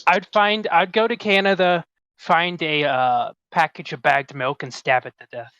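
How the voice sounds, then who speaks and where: A young man co-hosting a podcast in casual chat, making offhand deadpan jokes and murmuring agreement. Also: on the high side, a little slow, clear, resonant tone, no echo. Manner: dry, offhand jokes and quiet "mm-hmm" agreement. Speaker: podcast co-host. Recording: dry, dull lo-fi podcast mic.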